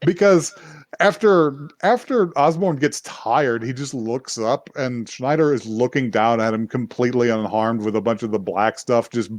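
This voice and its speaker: A man co-hosting a podcast, casually recapping an anime episode, animated and swearing, acting out characters' lines. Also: mid-range voice, normal speed, no echo. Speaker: podcast co-host.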